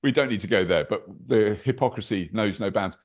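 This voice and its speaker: Lively older man with a low voice. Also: a little fast. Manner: animated, anecdotal, with wry asides. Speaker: podcast guest. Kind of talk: casual interview chat. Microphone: video call.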